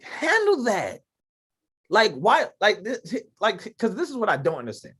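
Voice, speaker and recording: A man with a fairly high voice hosts a casual podcast chat over a video call. He talks emphatically and loosely, with plenty of fillers and rhetorical questions. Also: sing-song, moderate pace, sharp tone, slightly rough. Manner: emphatic, conversational, lots of fillers. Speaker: podcast host. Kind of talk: casual faith-based talk on a video call.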